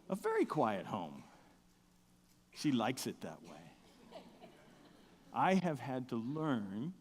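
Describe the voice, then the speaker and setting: A middle-aged man preaching a sermon, with a big outdoor voice, telling stories with humor and swinging from soft asides to loud excited bursts. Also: mid-range voice, big-room sound. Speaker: pastor. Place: church sanctuary.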